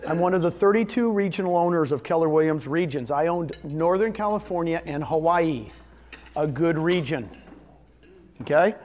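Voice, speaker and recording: A man in his fifties giving a presentation to a live audience, telling a personal story and asking the room questions. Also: fairly high pitch. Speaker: real estate presenter. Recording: dull lo-fi recording.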